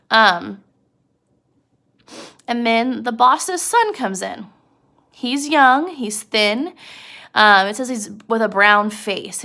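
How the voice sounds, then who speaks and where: Young woman teacher, super casual, talks right at you, gravelly voice. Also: medium pitch, fairly bright tone. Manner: chatty, uses many fillers, addresses listener directly. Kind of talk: casual literature lesson.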